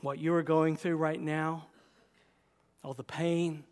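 Pastor guy preaching hard, kinda high voice, long echo in a church. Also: flat delivery, takes it slowly. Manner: impassioned, emphatic preaching. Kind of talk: sermon. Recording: long reverb of a large hall.

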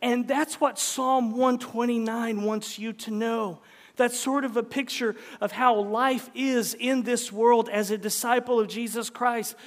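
A man preaching in a church hall, retelling and reading a story with dramatic delivery that drops from loud lines to hushed whispers. His voice sits high, and a long hall reverb trails behind it. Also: steady tone, a little slow.

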